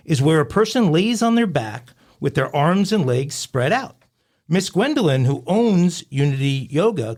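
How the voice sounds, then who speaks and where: A man's voice: fairly high pitch, a little mellow. Man reading news with mock drama. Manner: mock-dramatic storytelling delivery. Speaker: podcast co-host. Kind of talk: reading a humorous news story.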